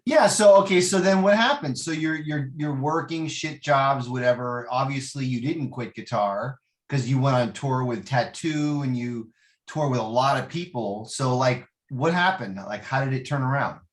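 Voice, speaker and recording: A man's voice: mid-range voice, moderate pace. A man hosting a casual interview, mostly giving short replies and prompting questions. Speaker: podcast host. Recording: roomy echo.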